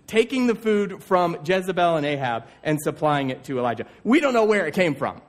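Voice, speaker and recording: A man preaching a sermon, telling stories and acting out voices in an earnest, encouraging way. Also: on the high side. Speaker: pastor.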